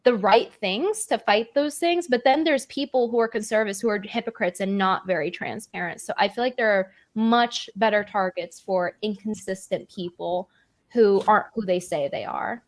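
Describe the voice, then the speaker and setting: A woman's voice: mid-range voice, moderate pace. A woman speaking on a casual podcast panel, earnest and rambling, making emphatic points.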